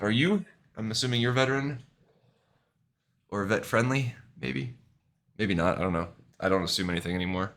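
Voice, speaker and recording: A man's voice: on the low side, sharp tone. A man streaming a game, telling rambling, profane stories in casual chat and laughing at himself. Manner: profane, rambling, self-deprecating; fillers and restarts, laughs at himself.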